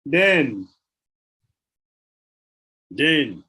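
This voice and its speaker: A man giving a devotional lecture, telling sacred stories with rhetorical questions and an animated, questioning manner. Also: mid-range voice, very slow, slightly rough, poor audio. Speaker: spiritual teacher.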